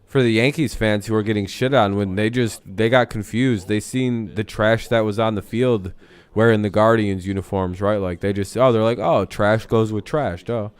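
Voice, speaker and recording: A man's voice: fairly low pitch, steady tone, moderate pace, few pauses, smooth. A man hosting a live sports watch-along stream, chatting casually and bluntly, swearing freely and laughing at his own jokes.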